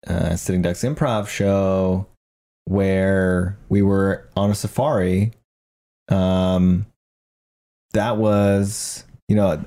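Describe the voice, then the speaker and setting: A man with a fairly low, mellow voice talks shop about improv in a loose, animated way. He drifts onto tangents and lands his points with emphasis and the odd swear word. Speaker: improv podcast co-host. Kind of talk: casual chat.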